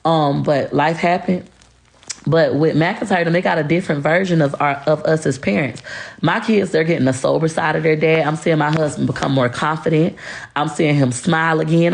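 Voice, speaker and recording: Cursing freely, a woman vents bluntly and heatedly to camera about her marriage, a candid monologue from a social media creator. She speaks with a low pitch and vocal fry.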